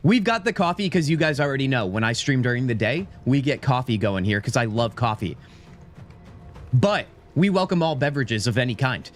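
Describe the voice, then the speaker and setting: A man streaming a game live, chatting playfully with his viewers as he plays. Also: a little high. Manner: playful, chatty, talks straight to his chat. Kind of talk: live-stream gameplay commentary.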